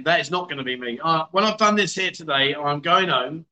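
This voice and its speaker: A man's voice: on the high side, a little fast, pushed and bright, lo-fi sound. A man hosting a casual livestream, hungover, greeting viewers by name in a chatty, self-mocking way. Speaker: livestream host.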